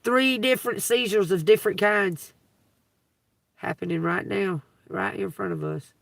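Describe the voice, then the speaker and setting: A woman telling profane, laughing stories on a casual livestream, breaking into loud outbursts. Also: medium pitch, steady tone, unhurried, gravelly, no echo, distant mic. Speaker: livestream host. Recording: dry, from away from the mic.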